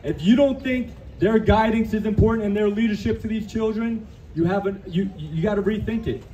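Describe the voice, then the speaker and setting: A man's voice: high-pitched, a little fast, dark tone. A man speaking to a crowd at an outdoor rally, emotional and earnest, restarting his sentences.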